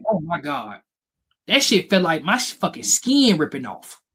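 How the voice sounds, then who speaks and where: A man's voice: on the high side, normal speed, slightly rough. A man co-hosting a podcast, telling frank, profane stories about his childhood in casual chat. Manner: candid storytelling, profane, animated. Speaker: podcast co-host.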